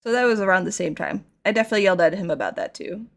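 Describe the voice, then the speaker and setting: Painting figures live, a young woman chats at a very fast clip in a mid-range voice with vocal fry. Her casual crafting talk is playful and rambling, full of animated stories.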